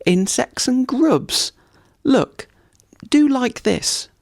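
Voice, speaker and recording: A man voicing a cheeky male woodpecker in a storybook reading, shrill and laughing. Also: very animated, extremely slow, creaky, dry recording, studio quality, exaggerated voice. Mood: gleeful.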